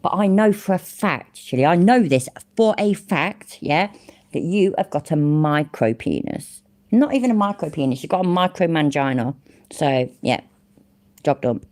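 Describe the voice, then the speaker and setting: A British woman hosts a casual reaction livestream, mocking the person in the clip and reading out chat names. Her voice sits low yet her pitch jumps around a lot as she laughs and jeers. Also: lively intonation, moderate pace, a little mellow. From United Kingdom. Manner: mocking, laughs often, thanks chatters by name.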